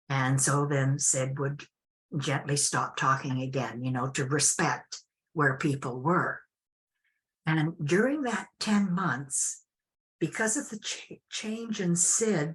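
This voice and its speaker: An older woman telling a personal story as an interview guest, unhurried and reflective with frequent restarts. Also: low voice, a bit bright.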